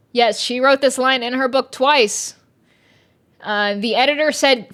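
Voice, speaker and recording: A woman's voice: sits high, a little slow, fairly bright tone. Young woman ranting sarcastically on stream. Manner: exasperated, sarcastic, swears a lot. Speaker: VTuber streamer reviewing a book. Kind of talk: casual ranting stream chat. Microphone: streaming mic.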